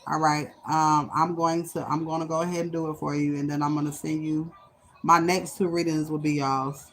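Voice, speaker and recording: A woman's voice: sits low, flat delivery, normal speed, a bit bright, a little hiss or hum. A woman giving a spiritual reading on a livestream, blunt and emphatic, cursing heavily, and often close to tears. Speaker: spiritual reader.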